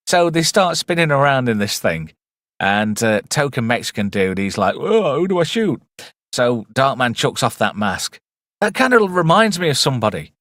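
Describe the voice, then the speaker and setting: A man's voice: mid-range voice, fairly bright tone, no echo, clean studio sound. A man giving a rambling, irreverent movie commentary and swearing freely. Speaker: movie reviewer. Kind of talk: casual film commentary.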